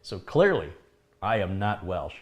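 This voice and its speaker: A man's voice: low voice, sing-song, a little slow. Chatty man reading out viewer comments. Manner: chatty, laughs at his own remarks. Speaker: live stream host. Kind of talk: casual live chat, reading viewer comments.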